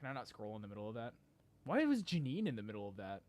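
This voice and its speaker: Fast-talking man commenting on a game. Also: lowish voice, sing-song. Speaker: let's play host. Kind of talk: casual gameplay commentary.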